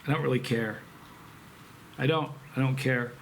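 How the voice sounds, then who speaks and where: A man hosting a chili pepper channel, talking casually to camera in a rambling, halting, emotional way with many restarts. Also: medium pitch, fairly even intonation, gravelly, a bit bright, a little hiss or hum. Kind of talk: casual vlog talk to camera.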